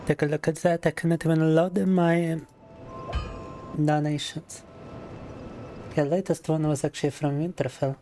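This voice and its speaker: A man's voice: a little high, flat delivery, moderate pace, long pauses, mellow, slight background noise. A man streaming live who is ill and worn out, chatting in a weary, sardonic way with crude jokes. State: ill and tired. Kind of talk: casual livestream chat. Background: music.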